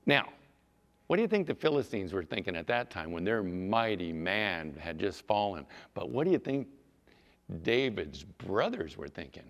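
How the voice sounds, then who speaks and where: A man preaching a sermon as a pastor, telling the story with animated, acted-out storytelling. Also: on the low side, normal speed. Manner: animated storytelling, acting out scenes. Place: church sanctuary. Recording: long hall reverb.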